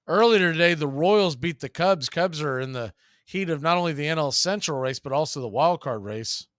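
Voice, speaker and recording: A man hosting a casual baseball play-by-play stream, chatting between pitches. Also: moderate pace, no room sound, clean studio sound. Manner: relaxed, chatty, drifting into betting talk. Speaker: play-by-play announcer and show host.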